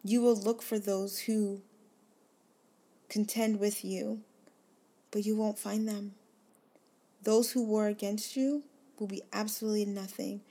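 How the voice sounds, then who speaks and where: Slow, flat-voiced woman reading scripture. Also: medium pitch. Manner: slow, earnest, gently emphatic reading. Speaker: devotional host. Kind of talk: scripture reading and devotional reflection.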